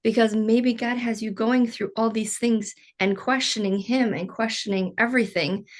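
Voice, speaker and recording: A woman's voice: on the high side, steady tone, normal speed. A woman hosting a casual podcast interview, talking earnestly with lots of "like" and "you know". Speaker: podcast host.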